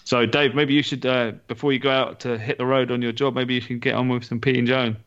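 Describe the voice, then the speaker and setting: A man's voice: mid-range voice, little pitch movement, brisk, fairly bright tone. A man co-hosting a casual podcast chat, good-humoured, often restarting and repeating words. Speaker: podcast co-host. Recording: muffled lo-fi audio.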